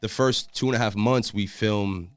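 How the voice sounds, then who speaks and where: A man's voice: lowish voice, steady tone, clear, resonant tone. A young man from Massachusetts, a podcast guest, telling long anecdotes in casual chat and acting out what people said. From Massachusetts, USA. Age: young adult. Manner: rapid, run-on anecdotes with acted-out quotes. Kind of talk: casual storytelling.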